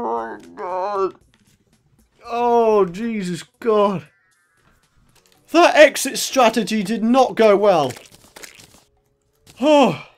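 A young man commentating his own gameplay, excitable, laughing often and shouting when in trouble. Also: sits high. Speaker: gaming channel host. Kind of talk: let's play commentary.

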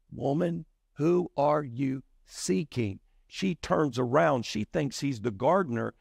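A man preaching a sermon, telling the story in animated fashion and acting out the voices of its characters. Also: medium pitch, creaky, breathy edge, no echo, clean studio sound. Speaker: pastor.

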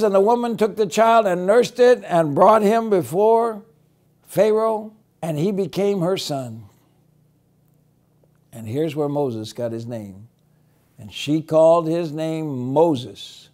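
A man teaching a children's church Bible lesson, gently reassuring as he tells the story and prays. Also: sits high, takes it slowly.

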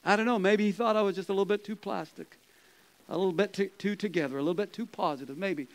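A man, a pastor, preaching a conversational sermon, chuckling and dropping to soft quoted asides. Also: high voice, fast, poor audio. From Canada.

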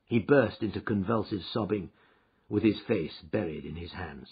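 A man narrating a classic story in a measured storytelling manner. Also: low voice, breathy edge. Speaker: audiobook narrator. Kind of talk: scripted narration. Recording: dull lo-fi recording.

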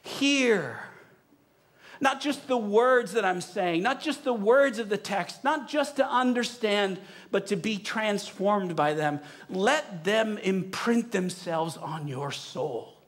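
High-voiced guy pastor preaching, gets the church to say the words with him, drawn out and pushy. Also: expressive. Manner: leads the congregation in a call-and-response recitation; emphatic, urging, drawn-out phrasing. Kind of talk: sermon. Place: church sanctuary.

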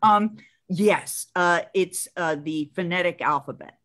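A woman in her sixties from Chicago with a Chicago accent, an actress chatting as an interview guest, telling animated stories with frequent ums and restarts. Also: lowish voice, a little slow. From Chicago, USA. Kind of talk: casual interview chat.

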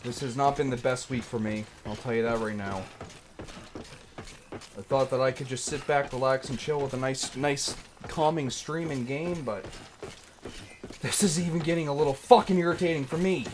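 A man's voice: medium pitch, steady tone, moderate pace, background noise. A man streaming a game, ranting and cursing with mounting irritation as he plays. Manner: swears a lot, irritated and ranting. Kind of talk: frustrated gameplay commentary.

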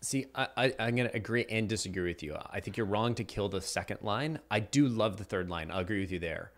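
A man's voice: lowish voice, fast talker. A man hosting a casual panel discussion, emphatic and opinionated with a joking streak.

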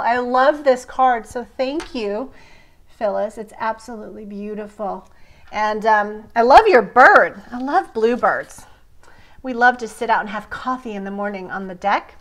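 A middle-aged woman hosting a card-making vlog, chatting casually and gushing over cards viewers sent her. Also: a little high. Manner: gushing, effusive, repeats praise words. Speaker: card-making channel host. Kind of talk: casual crafting vlog chat.

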